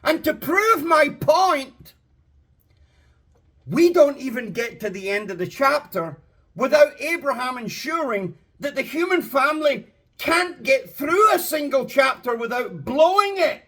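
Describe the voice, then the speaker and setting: Preacher, male, very high voice, slow impassioned delivery that swells to shouting. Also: very animated. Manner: slow, drawn-out emphasis. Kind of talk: sermon.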